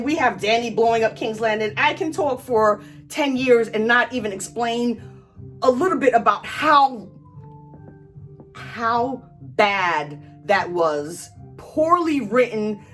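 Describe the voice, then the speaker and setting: A woman vlogger ranting in angry, emphatic commentary, stretching out words for stress. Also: on the high side.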